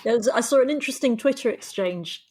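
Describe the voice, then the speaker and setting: A woman's voice: on the high side, fast talker, a little mellow, husky. A woman hosting a podcast, chatting casually, laughing often and wandering off on tangents. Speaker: podcast host.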